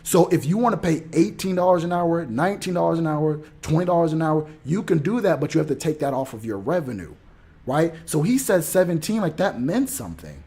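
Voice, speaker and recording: A man telling a story in an animated rant, acting out what people said and swinging between loud outbursts and mumbling asides. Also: fairly high pitch, brisk, husky. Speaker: motivational podcaster.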